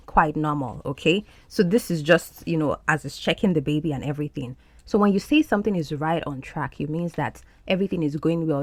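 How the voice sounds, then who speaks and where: A woman who hosts a podcast, explaining film clips as an English lesson and repeating words slowly to model pronunciation. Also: low-pitched, no room sound. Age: adult. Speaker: podcast host and English teacher.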